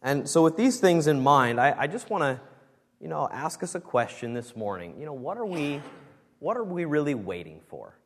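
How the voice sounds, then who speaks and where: A man's voice: on the high side, sing-song, moderate pace. A man preaching a sermon as pastor, earnest and emphatic, leaning hard on key words. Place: church sanctuary. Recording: long reverb of a church hall.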